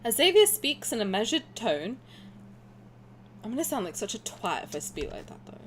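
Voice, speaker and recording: A woman in her twenties with a posh southern English accent, streaming a game and chatting through it in rambling, animated asides. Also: a little high, moderate pace, slight background noise. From south of England. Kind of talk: gaming commentary and reading aloud.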